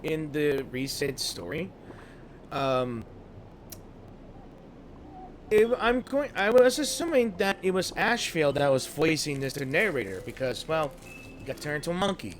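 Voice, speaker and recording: A man's voice: a little high, sing-song, measured pace, pauses often, a little hiss or hum. A man casually commenting on a video game he plays, rambling with chuckling asides, on a headset mic. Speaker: gaming streamer. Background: game music.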